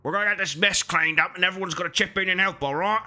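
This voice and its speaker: A man voicing a gruff, bullying male road warden captain who threatens and swears. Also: high voice, fast, bright, forceful tone, faint music behind, voice pushed up. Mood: bossy.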